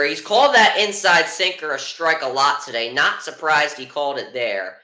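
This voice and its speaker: A man with a bright, forceful voice calls a baseball game live as a fan. He drops into low, exasperated muttering between pitches, then jumps up for the strikeouts. The room around him has a noticeable echo. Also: moderate pace, hardly any pauses. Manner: frustrated, swings between muttering and excited calls. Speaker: fan commentator. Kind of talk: live fan play-by-play commentary.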